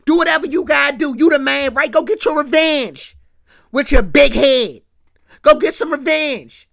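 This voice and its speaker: A woman acting out a fired-up male police detective who shouts and grills a teenager. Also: fairly high pitch, wildly swooping pitch, moderate pace, creaky, exaggerated voice. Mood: scornful. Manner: shouting, pressing questions.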